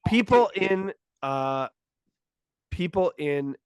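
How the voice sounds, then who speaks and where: A man's voice: high-pitched, drawn-out words, clear, resonant tone, no echo. A man, a comedian, telling a story in casual podcast chat and acting out the lines of the people in it. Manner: animated storyteller, acts out quoted lines.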